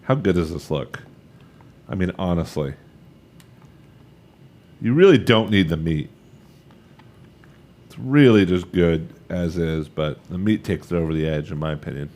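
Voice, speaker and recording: A man's voice: deep voice, unhurried, long pauses, a little mellow. A man in his thirties leading a live cooking demonstration, chatty and upbeat, talking straight to the viewers as he works. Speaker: cooking instructor.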